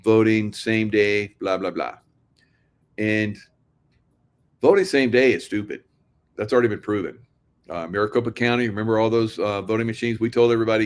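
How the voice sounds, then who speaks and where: Low-voiced man ranting sardonically. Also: fairly even intonation, normal speed, smooth. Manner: sardonic, laughs often, rambling restarts. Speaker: political commentary host. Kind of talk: casual monologue to viewers.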